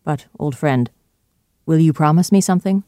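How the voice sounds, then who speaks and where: A reader voicing a fifty-year-old male doctor in a storybook reading, earnest and pleading but turning sharp and firm when pressed. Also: mid-range voice, normal speed, no echo, clean studio sound, lightly acted.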